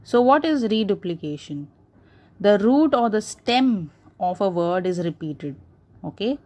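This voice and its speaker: A woman's voice: medium pitch, lively intonation, unhurried, dark tone. A woman teacher with an Indian English accent, patiently explaining grammar to schoolchildren with many repeated examples. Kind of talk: classroom grammar lesson.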